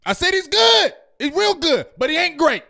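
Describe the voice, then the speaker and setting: A fan-show host with a strikingly high voice, ranting in a loud, fired-up way. He keeps repeating himself and breaks into yelling. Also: sing-song, normal speed, gravelly. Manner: loud, fired-up, repetitive, yells at times. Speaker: sports reaction show host. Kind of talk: heated fan rant.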